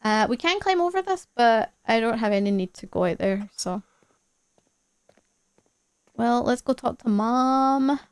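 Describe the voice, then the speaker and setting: A woman's voice: on the high side, animated, a little slow, pauses often, clear, resonant tone, no echo. A woman streaming a game live, chatting to herself as she plays and laughing often.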